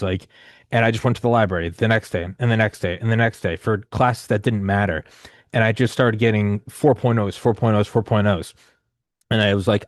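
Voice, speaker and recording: A man's voice: on the low side, steady tone, brisk, no room sound, studio quality. A man in his thirties telling a long personal story in casual conversation, rambling and profane with many restarts and fillers. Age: 30s.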